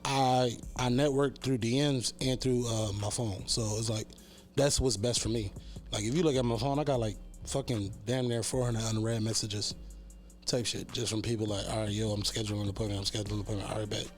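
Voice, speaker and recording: A man's voice: on the low side, a little fast, faint music behind. Blunt, profane barber man. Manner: blunt, profane, animated storytelling. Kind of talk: casual podcast chat.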